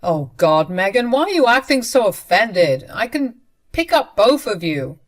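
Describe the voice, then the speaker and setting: An impatient husband who brushes everyone off, read by a woman narrator. The lines come out higher and louder than the narration around them, in a plain storybook reading. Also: sing-song, normal speed, natural voice. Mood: dismissive. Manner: dismissive, impatient. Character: dismissive husband, adult man.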